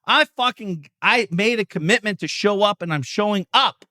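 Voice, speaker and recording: A middle-aged man hosting a podcast, delivering an intense, profane motivational monologue, often yelling. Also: high voice, moderate pace, no room sound, clean studio sound. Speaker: podcast host.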